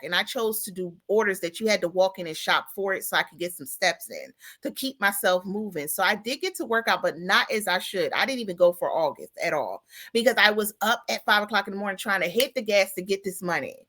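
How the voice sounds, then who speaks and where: A woman hosting a casual chat show, telling her story in an animated way and calling out to her listeners. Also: mid-range voice, a little fast, few pauses. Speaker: podcast host.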